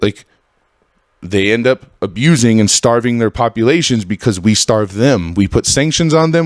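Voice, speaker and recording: A man's voice: moderate pace, no echo, clean studio sound. Profane, ranting man. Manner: heated, profane, swings between animated outbursts and low mutters. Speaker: podcast host. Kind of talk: casual ranting monologue.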